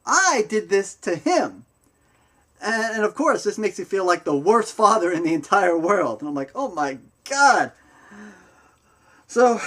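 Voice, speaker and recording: A man's voice: medium pitch, a bit bright. Dad rambling on camera about his kids, lots of ums, plain middle voice. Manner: rambling, many fillers and restarts. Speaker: father and vlogger. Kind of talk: casual vlog storytelling.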